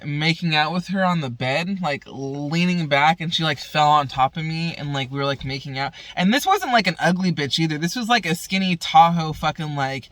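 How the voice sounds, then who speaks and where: A woman's voice: deep voice, animated, moderate pace, few pauses, no room sound. Crude, rambling woman vlogger. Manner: crude, profane, rambling with constant fillers. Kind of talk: casual storytelling chat.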